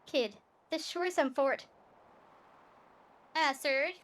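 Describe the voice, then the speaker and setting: A woman's voice: high-pitched, slow. Kid, a woman doing a brash Aussie thief girl. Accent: Australian. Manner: blunt, slangy, teasing. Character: brash young female thief, tough and cheeky. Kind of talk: reading game dialogue aloud.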